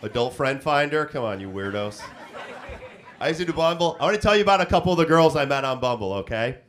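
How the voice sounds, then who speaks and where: A man's voice: fairly high pitch, animated, fast talker. A man hosting a stand-up comedy set on a club stage, telling self-mocking stories and chatting with the crowd through a handheld mic.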